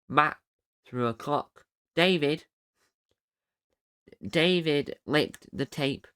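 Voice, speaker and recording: A man's voice: medium pitch, a bit bright, clear, resonant tone, no echo, studio quality. Rambling man hosting a solo podcast. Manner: rambling, often correcting himself mid-sentence. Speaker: podcast host. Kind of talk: casual solo episode recap.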